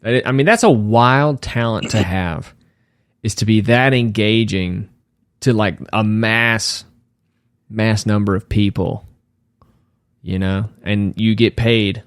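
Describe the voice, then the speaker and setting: A man co-hosting a casual podcast, laid-back and quick with short agreements. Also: lowish voice, clean tone, no echo, studio quality. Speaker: podcast co-host. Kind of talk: casual chat.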